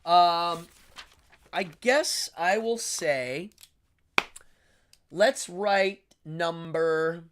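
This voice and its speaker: This is a man with an English accent hosting a casual livestream monologue from home. His voice sits slightly high, and he rambles enthusiastically with frequent ums. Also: extremely slow, pauses often, noisy background. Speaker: livestream host.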